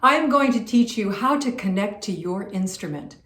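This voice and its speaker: Female vocal teacher, animated and emphatic, recorded with noticeable room echo. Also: mid-range voice, normal speed. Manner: animated, emphatic, rhetorical "right?" asides. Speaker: vocal coach. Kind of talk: instructional talk to camera. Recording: roomy echo.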